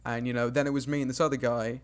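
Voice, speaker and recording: A young man streaming games, casually telling an embarrassing childhood story, lively and laughing at himself as he acts out what people said. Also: mid-range voice, fast talker. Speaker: game streamer.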